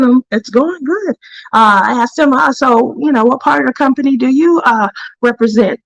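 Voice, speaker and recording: A woman's voice: on the high side, fairly bright tone, dry recording, poor audio. A woman hosting a casual craft livestream, telling a work story in a chatty way, laughing often and stopping to greet viewers by name. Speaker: craft channel host.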